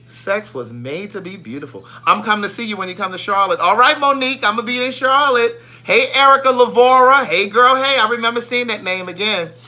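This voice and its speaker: Brisk and barely pausing, a high-voiced livestream host gives viewers animated shout-outs by name. His manner is casual, playful, and sassy.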